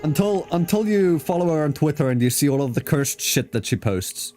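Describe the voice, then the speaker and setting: A man's voice: a little high, animated, a little fast, darkish tone, faint music behind. A man casually chatting and joking with a friend while streaming a game. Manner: joking, laughs a lot, swears. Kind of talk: casual let's-play chat.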